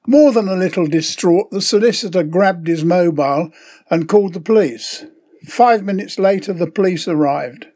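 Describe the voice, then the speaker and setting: A man's voice: sits high, darkish tone. An older man hosting his podcast, delivering a scripted, sardonic comic monologue. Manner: sardonic, opinionated storytelling. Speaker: podcast host.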